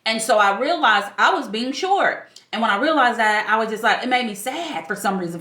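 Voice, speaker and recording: A woman's voice: a little high, expressive, a little fast, sharp tone, echoey room. A woman in her forties, a life coach, talking candidly to camera in a casual vlog, emphatic and fond of rhetorical questions. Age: 40s.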